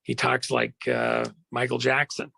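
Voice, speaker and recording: Guest storyteller, male, gravelly and husky, with a rambling, dramatic delivery. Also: medium pitch, monotone, pushed and bright, low-quality recording. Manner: rambling, with many fillers and dramatic slowdowns.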